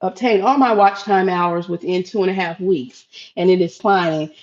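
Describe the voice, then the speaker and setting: A middle-aged woman from Florida cooks in her home kitchen while chatting with viewers on a live stream, calling them y'all. Her voice is lowish and darkish at normal speed, and the audio sounds dull.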